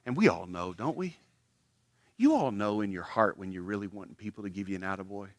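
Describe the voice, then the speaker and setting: A pastor with a fairly low, fairly quick voice preaches a sermon at church, captured in a dry recording. He's animated, acting out small everyday skits, and his voice jumps up whenever he plays them.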